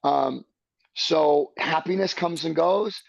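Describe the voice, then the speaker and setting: A man's voice: a little high, slow pace, gravelly, dry recording, dull audio. A man speaking as a podcast guest, earnest and searching, building his thoughts step by step in a reflective conversation.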